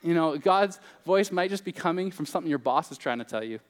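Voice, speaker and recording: A man's voice: a little high, lively intonation, quick pace, big-room sound. A young man preaching a sermon as pastor, in a casual, joking, conversational way.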